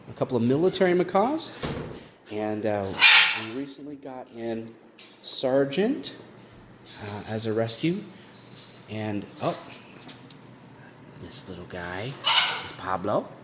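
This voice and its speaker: A man walking through the bird room in his house. He gives a casual vlog tour with lots of fillers and restarts, and coos at his birds in high baby talk. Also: big pitch swings, slow, pauses often. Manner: chatty, with many fillers and restarts. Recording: constant room noise with clicks.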